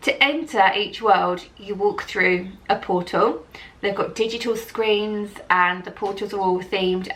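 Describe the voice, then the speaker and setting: Gushing, excitable woman vlogger. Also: mid-range voice. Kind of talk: travel vlog talking to camera.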